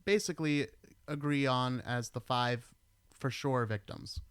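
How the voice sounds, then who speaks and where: In an unhurried, mid-range voice, a laid-back middle-aged American man hosts a casual podcast chat full of stories and occasional swearing. The tone is clean, with no room sound.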